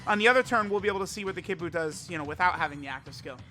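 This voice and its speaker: High, bright-voiced man rambling over faint music. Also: lively intonation, very fast. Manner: rambling, filler-heavy, thinking aloud. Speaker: mobile game content creator. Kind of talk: casual gameplay commentary.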